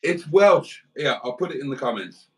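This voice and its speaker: A man's voice: on the high side, expressive, normal speed, darkish tone. A tired man with a British accent hosting a casual livestream, bantering wryly with his co-host. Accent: British English. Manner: wry, dry banter.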